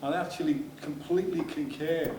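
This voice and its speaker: A man's voice: fairly high pitch, steady tone, brisk, roomy sound, distant mic, a little hiss or hum, low-quality recording. Angry man from liverpool in a seminar room. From England. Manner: rambling, restarts often, grows loud and angry. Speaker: audience member asking a question. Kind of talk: heated question from the floor at a seminar.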